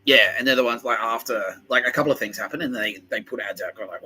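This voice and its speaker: A man's voice: medium pitch, fast, few pauses, pushed and bright, a little hiss or hum, low-quality recording. A man hosting a podcast, ranting in a rambling comedic monologue, sweary and sarcastic. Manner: sweary, sarcastic, mocking voices of others. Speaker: podcast host.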